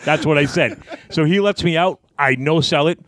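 A man, a wrestling guest, telling a story in casual talk, cursing freely and acting out his shouting. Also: on the high side, normal speed, no room sound, studio quality. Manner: profane, animated, acts out yelling.

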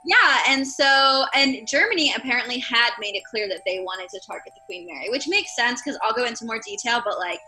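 A woman's voice: on the high side, lively intonation, fairly quick, hardly any pauses, sharp tone, rough recording. A woman co-hosting a podcast, telling a history story in a loose, chatty way full of fillers. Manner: chatty, loose, lots of fillers while narrating. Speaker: podcast co-host.

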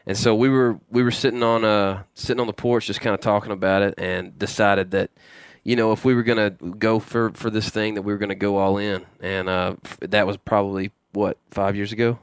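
Gravelly, halting low-voiced man. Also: little pitch movement, no room sound. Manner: halting, many restarts and repeated words. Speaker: guest. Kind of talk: casual storytelling in a podcast interview.

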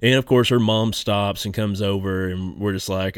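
A man's voice: on the low side, fairly even intonation, moderate pace, clear, resonant tone, dry recording, studio quality. A man hosting a podcast, telling stories in a laid-back way and laughing often. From Kentucky. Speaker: podcast host. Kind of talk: casual podcast chat.

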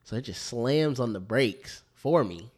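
A man co-hosting a podcast, telling stories in slangy, animated casual chat. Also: mid-range voice, a little slow. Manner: slangy, animated storyteller, repeats "bro". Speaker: podcast co-host.

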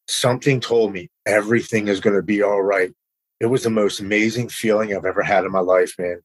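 Low husky man telling his story. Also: rough recording. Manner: earnest, halting, repeats words when emotional. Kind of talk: personal storytelling, casual.

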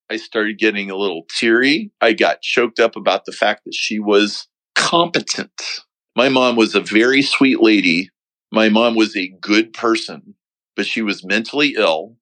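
A middle-aged man as a podcast guest, slowly and earnestly recounting a personal story in a reflective way. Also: lowish voice, bright, forceful tone, no echo, rough recording. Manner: slow, reflective, earnest telling.

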